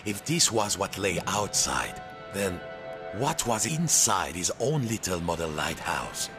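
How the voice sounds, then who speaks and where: A man's voice: low voice, sing-song, measured pace. A man narrating a storybook game tale in a playful, theatrical way, with French exclamations. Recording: game audio with music behind.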